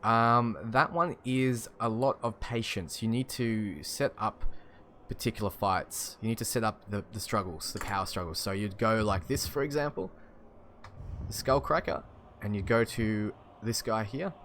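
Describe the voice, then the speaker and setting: A man's voice: fairly low pitch, unhurried, a bit bright, a little hiss or hum. A young Australian man with an Australian accent, casually chatting and chuckling as he answers stream chat. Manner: chatty and laid-back, chuckling often.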